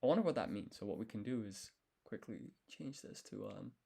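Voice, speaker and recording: A man studying a language on a live stream, thinking aloud, sounding out syllables slowly and correcting himself as he goes. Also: fairly low pitch, animated, vocal fry, mellow, slightly rough.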